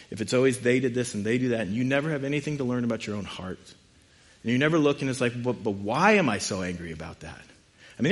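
A man preaching a sermon in a conversational, animated way, with frequent asides. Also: fairly high pitch. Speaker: pastor.

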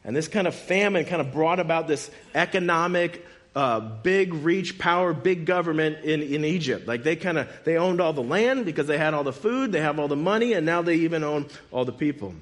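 A man preaching in a casual, conversational way, retelling a Bible story with lively quoted dialogue. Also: a little high, brisk.

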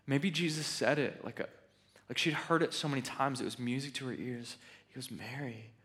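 A man preaching a sermon in an animated, conversational way with joking asides. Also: medium pitch, a little fast. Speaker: pastor.

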